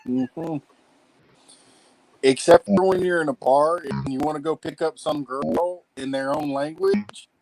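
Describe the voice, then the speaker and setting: A man's voice: fairly high pitch, very animated, unhurried, vocal fry, darkish tone, slight background noise, poor audio. A man in a casual outdoor chat, dropping dry teasing remarks.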